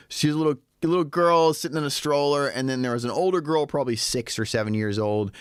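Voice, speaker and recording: Animated rambling man vlogger. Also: medium pitch, no echo, studio quality. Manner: lively, rambling, with sarcastic asides. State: a little tipsy. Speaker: vlogger living in Shanghai. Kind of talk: casual storytelling monologue.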